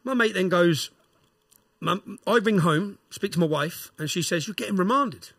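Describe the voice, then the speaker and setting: A man's voice: high voice, expressive, normal speed, vocal fry, fairly bright tone, husky, dry recording, clean studio sound. A middle-aged man with an English accent, a podcast guest telling a story in an emphatic way that keeps checking in with "yeah?". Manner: emphatic, fires "yeah?" tags at the listener. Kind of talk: storytelling and ranting.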